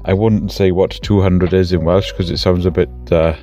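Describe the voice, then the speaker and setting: A man's voice: deep voice, fairly even intonation, normal speed, warm tone, soft background music. A man giving a jokey, upbeat recorded message of congratulations.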